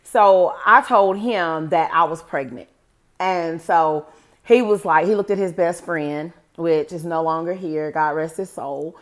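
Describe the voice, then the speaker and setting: A woman in her forties speaks a little slowly in a lowish voice, telling her viewers a personal tale. It's a casual, meandering storytime to camera, sprinkled with "guys."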